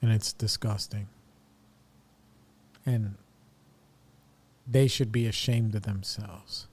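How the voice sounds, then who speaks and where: Slow-talking ranting man. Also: lowish voice, steady tone, a little mellow, slightly rough. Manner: blunt, ranting, slangy. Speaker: podcast host. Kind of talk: casual opinionated monologue.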